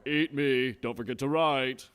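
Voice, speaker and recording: An actor playing a crude, insolent male sidekick with a gravelly, drawling voice. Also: mid-range voice, steady tone, measured pace, noisy background, close to an everyday voice. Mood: sneering.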